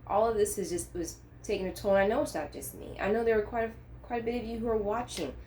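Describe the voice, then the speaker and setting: A woman's voice: medium pitch, steady tone, fast, darkish tone, slight background noise. A woman talking earnestly to camera about faith and current events, speaking with passion and building to emphatic peaks. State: choked up. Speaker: Christian vlogger. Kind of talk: unscripted faith talk to camera.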